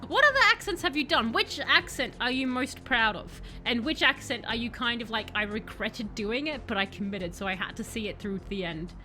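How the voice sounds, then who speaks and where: A woman's voice: a little high, animated, a little fast, hardly any pauses, bright, forceful tone, soft background music. A woman streaming a game, chatting animatedly with her viewers, self-mocking and reading out their messages. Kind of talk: let's-play commentary chatting with chat.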